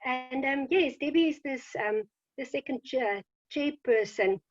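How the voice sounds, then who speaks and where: Woman host, high voice, hesitant intro, dry dull video call sound. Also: unhurried, no echo. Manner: hesitant, full of fillers.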